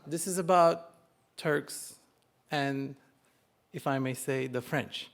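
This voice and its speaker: A man's voice: mid-range voice, takes it slowly, vocal fry, very noisy. A man in his forties from Turkey with a Turkish accent, telling a funny personal story live on stage, self-mocking and building to punchlines. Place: live stage before an audience.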